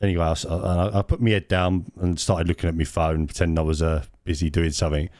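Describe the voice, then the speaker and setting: A man with a very low voice tells a long rambling story on a podcast, often stopping to restart his sentences. His voice sits close and dry on the mic. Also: level tone, fast, a little mellow, no echo. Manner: rambling anecdote with frequent laughs and restarts. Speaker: podcast co-host. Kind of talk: casual storytelling chat.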